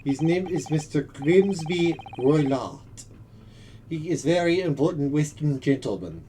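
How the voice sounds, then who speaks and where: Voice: mid-range voice, animated, unhurried, dark tone, slight background noise, close to an everyday voice. A streamer voicing a blunt, suspicious male sailor guard with a put-on Russian accent and broken, clipped English, as part of a one-person game playthrough. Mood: defensive. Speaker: game character. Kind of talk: solo voice acting of a game playthrough.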